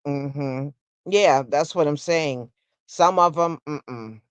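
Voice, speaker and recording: A woman hosting a casual solo livestream, talking in an unhurried, conversational way and answering viewers with "mm-hmm" and "yeah". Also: low-pitched, smooth, no echo. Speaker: host.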